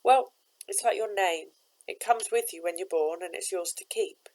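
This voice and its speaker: A woman voicing a kindly boatman with a strange accent, speaking gently and reassuringly in a storybook reading. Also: mid-range voice, moderate pace, close to an everyday voice, poor audio.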